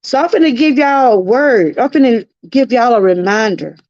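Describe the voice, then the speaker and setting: A middle-aged Southern US woman, the channel's host, leads a live-stream testimony talk in an earnest, preachy way, repeating herself as she addresses her viewers. Her voice is on the high side, animated and a little mellow, at a moderate pace. The audio is dry and slightly muffled lo-fi, with no room sound.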